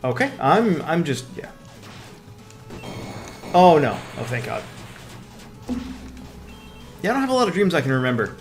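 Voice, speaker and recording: A man chatting casually while playing a game, reacting and thinking out loud. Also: on the high side, measured pace, pauses often, faint music behind. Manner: lively, reacting and musing aloud. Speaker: co-host of a game podcast.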